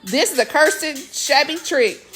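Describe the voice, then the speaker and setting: A woman's voice: sits high, animated, slow, a bit bright, a little hiss or hum, voice pushed up, exaggerated voice. A woman voicing a pompous, boastful young man who insists on a dance he was promised, blustering and indignant.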